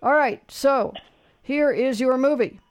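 A man's voice: extremely high pitch, measured pace, smooth. A man hosting a radio call-in show, chatting casually with callers and running a trivia quiz in a rambling, folksy way full of fillers.

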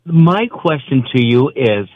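A polite man calls in to a radio show and asks his question in a formal way. His middle-pitched voice comes through a dull, dry phone line. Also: lively intonation, takes it slowly, no echo. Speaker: radio caller. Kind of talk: call-in question.

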